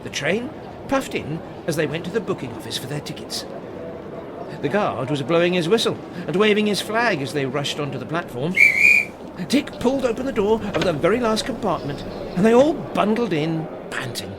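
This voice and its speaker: An expressive narrator reads a children's storybook aloud, the pitch rising and falling a lot. A steady hiss sits beneath the recording. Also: normal speed. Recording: hissy home recording.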